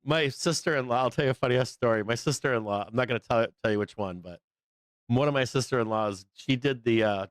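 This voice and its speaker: A man's voice: medium pitch, fast talker, no room sound. A middle-aged man hosting a live trading stream, chatting casually in a blunt, profane way and laughing often. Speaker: live trading show host. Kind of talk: casual livestream chat.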